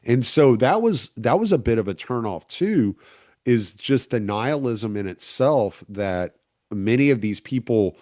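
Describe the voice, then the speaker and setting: A man hosting a relaxed conversation, rambling with lots of filler words. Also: medium pitch, a little slow, dry recording, clean studio sound. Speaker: podcast host. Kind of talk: casual conversation.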